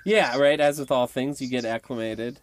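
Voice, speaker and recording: A podcast host asking questions in a relaxed, easygoing way, often laughing. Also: mid-range voice, moderate pace, no room sound. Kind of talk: podcast interview.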